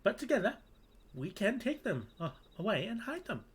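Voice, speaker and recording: A man's voice: high voice, sing-song, normal speed, breathy edge, voice pushed up, heavily acted. A man voicing a timid, eager little male kobold who repeats his words and speaks in broken grammar. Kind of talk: voicing game dialogue aloud.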